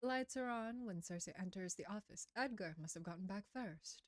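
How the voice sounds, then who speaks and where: A woman's voice: medium pitch, moderate pace, dry recording, clean studio sound. Playful woman reading a visual novel. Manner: playful, excitable asides. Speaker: streamer. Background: game music.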